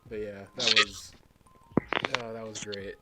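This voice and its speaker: A man's voice: on the low side, flat delivery, unhurried, over loud music. A young man co-hosting a podcast, telling a story in a rambling, casual way with many fillers. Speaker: podcast co-host. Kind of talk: casual chat among friends.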